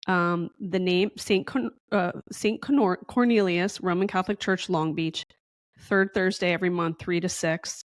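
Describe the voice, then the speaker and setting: A woman's voice: fairly low pitch, no room sound, studio quality. A woman guest in a casual podcast interview, telling a long story in a chatty, rambling way and acting out the dialogue.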